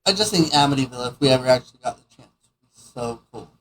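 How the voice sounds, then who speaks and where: A man's voice: mid-range voice, animated, quick pace, a bit bright, low-quality recording. A man co-hosting a casual podcast, easygoing and teasing, laughing along with his partner. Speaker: podcast co-host. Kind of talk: casual chat.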